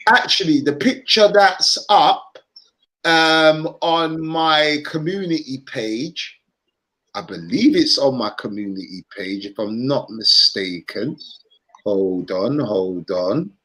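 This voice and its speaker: A man's voice: medium pitch, lively intonation, slow, bright, forceful tone, poor audio. A man with a Cockney accent hosting a casual live stream, chatty and upbeat, repeating phrases for emphasis. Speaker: vlogger and live-stream host.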